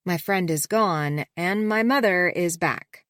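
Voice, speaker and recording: A woman narrating a romance audiobook in the first person, soft and reflective. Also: on the low side, a little slow, hardly any pauses, dry recording, clean studio sound.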